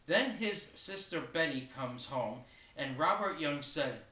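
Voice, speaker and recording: A man tells a spoken-word story in a flat, matter-of-fact way. His voice is fairly high with a bright edge. It is heard from a distance in an echoey room. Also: takes it slowly.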